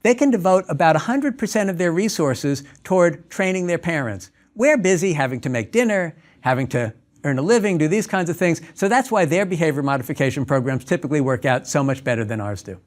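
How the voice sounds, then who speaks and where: Brief: male speaker with a slightly high voice, giving a lecture through stories. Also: expressive, fairly quick, few pauses. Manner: storytelling, acts out dialogues. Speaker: clinical psychologist. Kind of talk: lecture talk.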